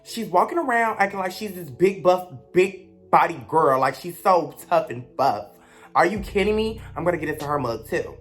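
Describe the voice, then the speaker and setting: A woman's voice: on the low side, animated, normal speed, faint music behind. A young woman, telling a blunt, gossipy storytime rant as a vlogger.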